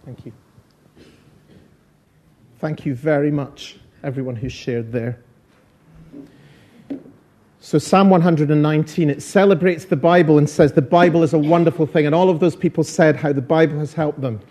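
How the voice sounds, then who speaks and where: A man preaching an all-age church talk, lively and encouraging, repeating phrases for emphasis. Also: on the high side, normal speed, pauses often.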